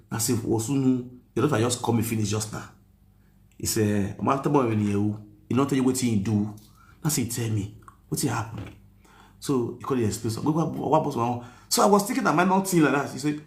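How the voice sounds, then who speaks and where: A man with a Nigerian accent telling a story in a casual, animated rant that mixes Pidgin and English, often asking if you understand. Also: medium pitch, a little fast, reverberant. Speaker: online commentator.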